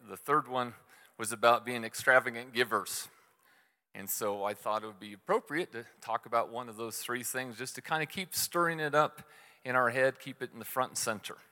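A middle-aged man delivers a sermon in a relaxed, conversational storytelling way, poking fun at his own mistakes. His voice is bright and forceful. The recording carries the long reverb of a large hall. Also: medium pitch, moderate pace. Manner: conversational storytelling with self-deprecating humor. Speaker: church speaker.

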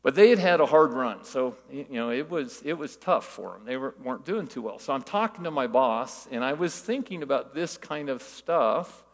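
An older man preaching in a relaxed, conversational way, weaving folksy stories with rhetorical questions. His voice has a gravelly edge, and it rings out with the long reverb of a big church hall. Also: mid-range voice, normal speed, few pauses. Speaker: church teacher. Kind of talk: conversational sermon.

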